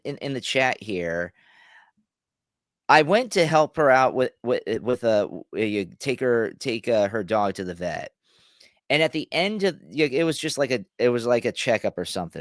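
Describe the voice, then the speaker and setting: A man with a mid-pitched voice reacts to a video on stream, ranting loosely and tripping over his own restarts. He swears freely. His mic is close and dry, with no room sound. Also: fairly bright tone, no room sound. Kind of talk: casual ranting commentary.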